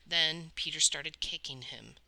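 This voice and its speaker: A woman reads a novel aloud with dramatic storytelling. Her voice sits low, with a tense, sharp brightness to it. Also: a little slow, creaky, rough recording. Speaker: audiobook reader. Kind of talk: read-aloud novel narration.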